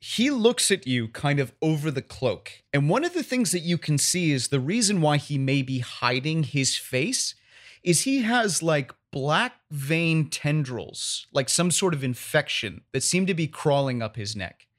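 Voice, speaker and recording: Lively male game master narrating. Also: on the high side, a little slow. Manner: descriptive, casual, with restarts.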